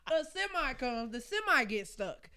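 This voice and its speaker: Bright-voiced woman telling a lively story. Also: high voice, normal speed. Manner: animated storytelling, laughs often. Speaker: podcast co-host. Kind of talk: casual chat.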